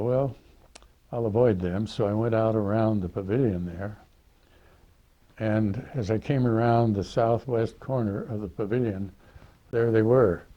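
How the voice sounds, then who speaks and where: An older man telling stories from his own life in an unhurried, dry-witted way, with pauses and fillers. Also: fairly low pitch, lo-fi sound. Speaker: interviewee. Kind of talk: anecdotal storytelling.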